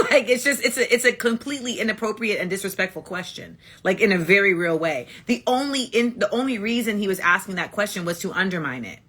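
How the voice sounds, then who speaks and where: Blunt, bright-voiced woman ranting on a livestream. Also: medium pitch, expressive, fast, husky. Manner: blunt and emphatic, repeats points. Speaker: livestream host. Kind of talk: casual livestream monologue. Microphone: phone.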